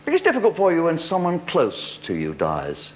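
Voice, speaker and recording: Older man, British accent, wry stand-up delivery, slightly high voice, heavy tape hiss. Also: huge pitch swings, moderate pace. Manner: wry, punchline-driven joke telling. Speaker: comedian host. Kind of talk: stand-up comedy with audience questions. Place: TV studio before a live audience. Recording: loud studio audience laughter, noisy old tape.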